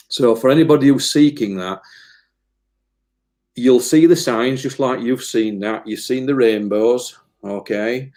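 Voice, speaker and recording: A man's voice: medium pitch, darkish tone. Earnest, rambling man. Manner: earnest, emotional, meandering with repeated words. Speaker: medium, interview guest. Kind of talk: casual spiritual interview talk.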